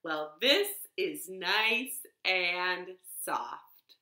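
A woman's voice: fairly low pitch, animated, drawn-out words, sharp tone, full character voice. A woman voicing a tired, worried male tailor in a fretful storybook voice. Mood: hopeful. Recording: roomy living room echo.

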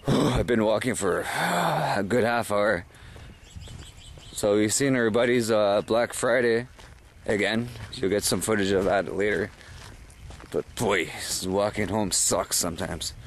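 Drunk guy, low voice, rambling and swearing on a night walk, camera in hand, faint outdoor hum behind. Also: takes it slowly. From Canada. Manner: slurry, sighing, swearing constantly. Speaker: vlogger. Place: outdoors at night, walking home. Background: faint outdoor ambience with birds.

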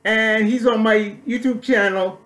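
A male comedian talking casually to his viewers, rambling and repeating himself with halting restarts. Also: high-pitched, steady tone, a bit bright, echoey room. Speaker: comedian and vlogger. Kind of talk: casual chat to camera.

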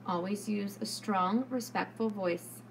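A woman preschool teacher giving a lesson to young children, speaking slowly and clearly in a sing-song way. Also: medium pitch, steady tone, slight background noise.

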